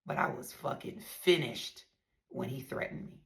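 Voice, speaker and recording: A woman's voice: rumbling low, moderate pace, gravelly. A woman talking casually to her viewers, blunt and profane, telling a story with strong emphasis.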